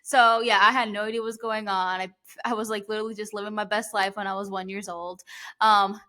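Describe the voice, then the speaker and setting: A woman's voice: medium pitch, flat delivery, a little fast, sharp tone. A woman in her thirties from New Jersey, hosting a podcast in a chatty way with many fillers. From New Jersey, USA. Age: 30s. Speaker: podcast host. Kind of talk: casual interview chat.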